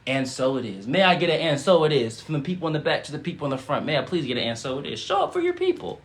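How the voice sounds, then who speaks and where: A man with a medium-pitched, racing voice leads a livestream of spiritual affirmations and guided breathing. He's emphatic and slangy, with lots of call-and-response and repeated phrases.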